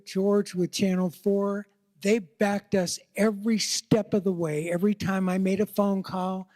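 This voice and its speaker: A man with a notably high voice thanks helpers and guests at a memorial. He speaks haltingly and repeats words. The sound is dry and close. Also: darkish tone, no room sound. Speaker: memorial organizer. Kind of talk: thanking the audience.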